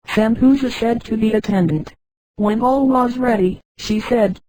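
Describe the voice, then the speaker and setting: Synthetic woman narrating, dry and mellow. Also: on the high side, unhurried, no echo, low-quality recording. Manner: even, flat reading with punctuation spoken aloud. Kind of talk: scripted narration.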